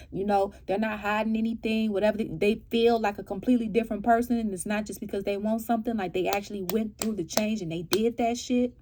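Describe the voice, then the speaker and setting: A woman giving a casual tarot reading to her viewers. She asks animated rhetorical questions and keeps checking in with "right?" and "okay?". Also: mid-range voice, quick pace, few pauses. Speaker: tarot reader.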